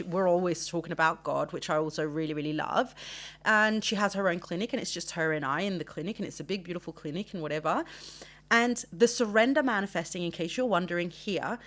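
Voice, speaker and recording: A young woman from Denmark hosting a podcast, telling a personal story in a rambling, earnest way with lots of fillers and restarts. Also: fairly low pitch. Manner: earnest and emotional, laughs through discomfort. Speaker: podcast host.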